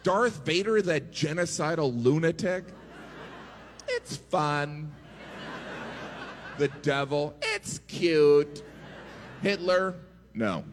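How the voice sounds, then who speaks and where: Sarcastic comedian guy doing standup, kinda high voice, long hall echo. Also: lively intonation, slow pace, long pauses, background noise. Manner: sarcastic, mock-cheerful delivery.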